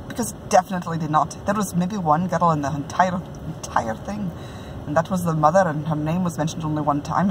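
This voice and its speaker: A woman's voice: on the low side, background noise. Woman in a put-on Scottish brogue. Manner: chatty, self-mocking, often breaking into laughter. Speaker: book reviewer. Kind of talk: casual book review vlog.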